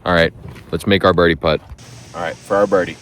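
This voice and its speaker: A man's voice: sits low, steady tone, fairly quick, fairly bright tone. A man calling his own golf shots in casual, joking play-by-play outdoors on a windy course. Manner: laid-back, joking. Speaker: golf vlogger.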